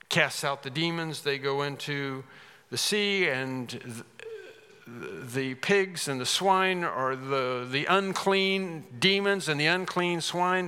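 A man preaching a sermon, earnest and emphatic, often restarting and suddenly rising in pitch and volume to stress a point. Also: bright, forceful tone, clean tone, big-room sound.

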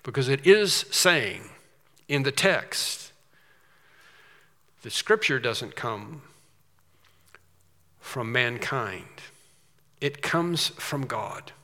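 A man preaching a sermon, slow and emphatic with quicker asides. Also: medium pitch, animated, bright, forceful tone, big-room sound.

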